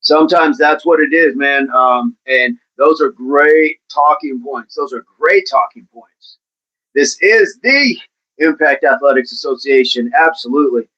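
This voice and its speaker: A man hosting a fitness livestream in a casual, upbeat way, chatting and giving playful shout-outs to viewers by name. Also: mid-range voice, fairly even intonation, moderate pace, few pauses, husky, dull audio. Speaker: livestream host of a fitness channel. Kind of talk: casual livestream chat, reading out viewer comments.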